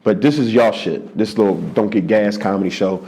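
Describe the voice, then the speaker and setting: A man putting on a tired, gruff old comic. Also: fairly quick, lightly acted, rough recording. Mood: blunt. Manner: low, quiet, world-weary drawl. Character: weary, gruff older male comedian, jaded.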